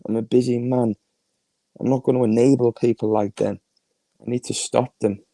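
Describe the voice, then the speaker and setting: A man's voice: medium pitch, flat delivery, normal speed, vocal fry, mellow, no echo, rough recording. A man with a Liverpool accent hosting a livestream, ranting crudely and mockingly, laughing often. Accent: Liverpool (Scouse). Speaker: livestream host.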